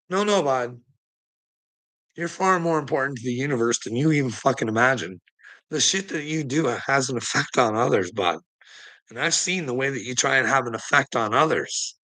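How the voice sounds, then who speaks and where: A man's voice: on the high side, bright, forceful tone. A man delivering a profane, mocking rant to the camera, taunting his target and laughing between jabs. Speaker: online commentator.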